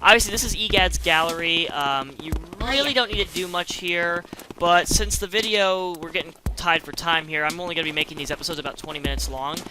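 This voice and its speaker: A man's voice: fairly high pitch, brisk. A young man giving casual, rambling gameplay commentary with many fillers and restarts, as a let's player. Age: young adult. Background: game music.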